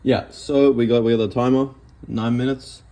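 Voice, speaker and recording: A man's voice: mid-range voice, level tone, moderate pace, background noise. A man giving a rambling, joking cooking demonstration in a home kitchen. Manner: joking, rambling, self-deprecating. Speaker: cooking vlogger.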